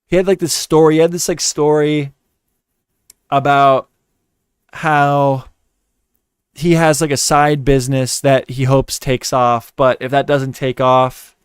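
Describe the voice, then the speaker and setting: A man's voice: medium pitch, steady tone, unhurried, long pauses, clear, resonant tone, dry recording, studio quality. A man hosting a livestream, telling stories and giving blunt advice in a rambling, profane, offhand way. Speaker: livestream host. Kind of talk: casual livestream chat.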